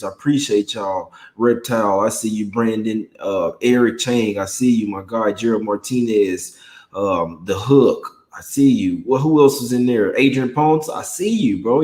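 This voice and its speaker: A young man hosts a relaxed sports betting livestream, talking in loose, slangy banter with a mid-range voice. The sound bounces around a roomy, echoey room. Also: medium pitch, normal speed. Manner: slangy, laid-back banter, greets chat by name. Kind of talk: casual livestream chat.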